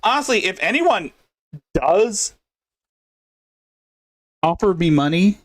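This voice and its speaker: Animated, swearing male podcast host. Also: high voice, takes it slowly. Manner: animated, swearing, loose and rambling. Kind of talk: casual commentary podcast.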